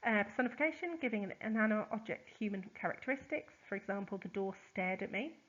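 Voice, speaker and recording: A woman, a teacher, explains poetry terms in a chatty recorded lesson, with lots of ums and quick examples. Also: medium pitch, expressive, fairly bright tone, highs cut off. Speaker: English teacher.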